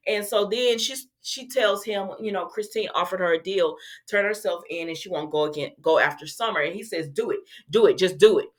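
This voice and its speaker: A woman's voice: mid-range voice, fairly quick, hardly any pauses, a bit bright. A woman hosting a soap opera recap, chatting casually and talking straight to her viewers, with asides as she retells the scenes. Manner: retells scenes and acts out the characters' lines.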